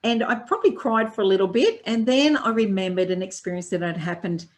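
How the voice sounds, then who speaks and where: An older woman, a Reiki teacher being interviewed, telling a personal story in a lively way and acting out the voices of people she quotes. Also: mid-range voice, brisk. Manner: lively storyteller who acts out quoted dialogue.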